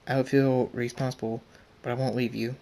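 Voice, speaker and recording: A man voicing a calm, loyal female pony in a soft, plain reading voice. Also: medium pitch, brisk, gravelly, natural voice. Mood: gentle.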